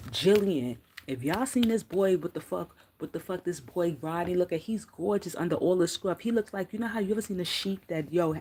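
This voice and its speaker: Husky woman streaming on her phone, aave, fast and cussing a lot, kinda low voice. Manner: fast, profane, animated storytelling with slang. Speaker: live stream host. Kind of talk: unfiltered casual rant.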